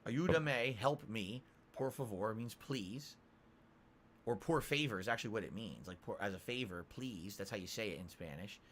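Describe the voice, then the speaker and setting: A man's voice: on the low side, animated, moderate pace. A man hosting a livestream in casual chat, answering viewer questions with a sarcastic, self-mocking manner and a lot of restarts. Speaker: livestream host. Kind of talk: casual live-stream chat, reading chat questions.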